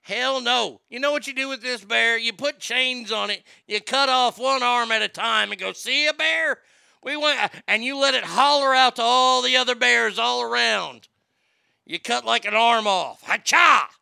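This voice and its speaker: A man hosting a live show, riffing on the news in a loud, profane, mocking rant full of stammers and jokes. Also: very high-pitched, normal speed, vocal fry, clear, resonant tone, no echo, studio quality. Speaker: live show host reading chat.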